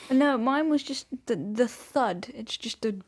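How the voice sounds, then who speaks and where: A woman's voice: fairly high pitch, lively intonation, unhurried. A woman co-hosting a podcast in casual chat, wry and amused. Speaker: podcast co-host.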